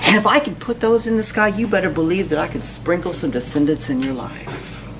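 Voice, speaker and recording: A woman preacher voicing God as a kindly, reassuring figure, speaking gently and casually in a sermon. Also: sits high, lively intonation, a little fast, background noise, pitched above the performer's own voice. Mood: gentle.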